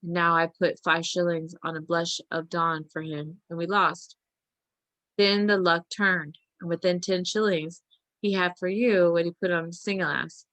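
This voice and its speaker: A woman voicing a respectful male groom who speaks in a hushed, reverent way and calls people sir. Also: on the low side, fairly even intonation, unhurried, no room sound.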